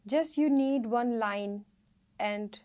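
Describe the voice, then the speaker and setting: A woman teaching a Hindi reading lesson, saying each word slowly and repeating it. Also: on the high side, lo-fi sound. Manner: slow, careful, repeats each word twice. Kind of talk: slow spoken lesson, repeating words.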